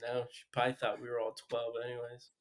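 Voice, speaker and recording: A man's voice: medium pitch, completely flat delivery, fast. A man co-hosting a podcast in casual chat, jokey, chiming in with short agreeing remarks. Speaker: podcast co-host.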